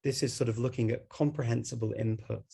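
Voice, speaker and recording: Gravelly Scouse man talking languages. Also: medium pitch, fairly even intonation, fast, warm tone. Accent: Scouse, Liverpool. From Liverpool, England. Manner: chatty, laughs between points. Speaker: guest speaker on language learning. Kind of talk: online talk.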